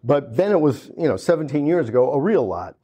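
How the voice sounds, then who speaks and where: A man's voice: on the high side, sing-song, fairly quick, dark tone, husky. American man telling a comic story live. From United States. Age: 50s. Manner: comic storyteller acting out quotes, frequent restarts. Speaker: speaker at a gallery opening. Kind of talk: storytelling talk.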